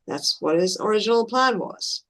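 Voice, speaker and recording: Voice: mid-range voice, expressive, moderate pace, a bit bright. A player in a tabletop role-playing game, casually explaining their character's plan with some restarts.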